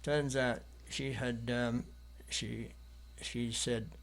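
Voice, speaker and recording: A man's voice: medium pitch, fairly even intonation, extremely slow, vocal fry, fairly bright tone. An English man from London, an artist guest in an interview, telling stories in a rambling, hesitant way with many ums and restarts. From London, England. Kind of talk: anecdotal storytelling in an interview.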